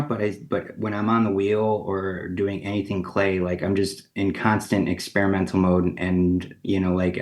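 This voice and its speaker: A man with a somewhat low voice tells his story as an interview guest on the radio. He talks casually, leans on fillers like "you know" and "like," and acts out the lines of the people in it with lively shifts. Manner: casual and animated, acts out quoted dialogue, many fillers. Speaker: ceramic artist guest.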